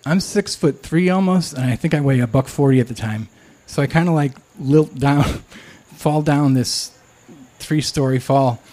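Man, live storytelling, candid, self-deprecating, halting delivery, mid-pitched voice. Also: warm tone.

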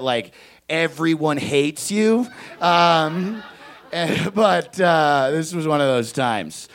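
A young man doing stand-up, telling a story with lots of energy, shouting out other people's lines and laughing as he goes. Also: fairly high pitch, creaky. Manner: animated, shouts kid voices, laughs at own story. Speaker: stand-up comedian.

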